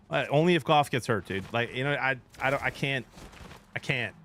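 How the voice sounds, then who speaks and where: A man's voice: mid-range voice, fairly quick, a little hiss or hum. A man streaming live, chatting casually with his viewers and getting worked up as he argues. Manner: animated, gets worked up arguing sports; talks to chat between gameplay. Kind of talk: casual livestream chat.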